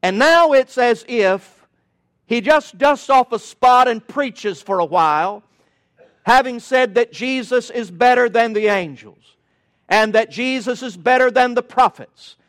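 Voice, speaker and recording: A man's voice: very high voice, measured pace, fairly bright tone. A male preacher delivering a sermon in an emphatic, rhythmic cadence with touches of folksy humor.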